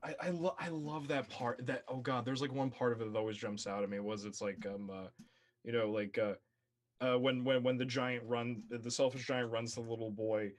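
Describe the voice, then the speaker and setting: Man co-host, mid pitch, casual and chatty, laughs easily. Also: steady tone. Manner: chatty, quick to laugh, breaks into quotes. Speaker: podcast co-host. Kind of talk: casual chat.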